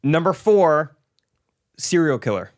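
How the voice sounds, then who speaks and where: A man co-hosting a podcast, answering quiz questions with dry, deadpan jokes in casual banter. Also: on the high side, slow. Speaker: podcast co-host.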